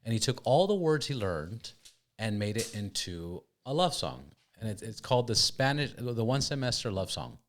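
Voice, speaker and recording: A man's voice: lowish voice, big pitch swings, moderate pace, slight background noise. A man hosting a casual podcast interview, easygoing, chiming in often and laughing along. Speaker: podcast host.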